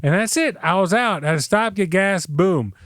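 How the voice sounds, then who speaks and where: A male podcast co-host tells a rambling complaint story with plenty of swearing, jumping into the voices of the people he quotes. His voice is smooth and a little high for a man. The close mic sounds dry. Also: lively intonation, normal speed, a bit bright, no room sound. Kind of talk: casual chat. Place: South Florida.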